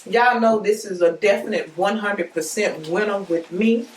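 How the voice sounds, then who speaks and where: Excitable woman, roomy and distant. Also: mid-range voice, moderate pace, noisy background. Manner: excitable, gushing, talks straight to viewers. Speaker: unboxing vlogger. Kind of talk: casual unboxing chat. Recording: roomy echo, mic at a distance.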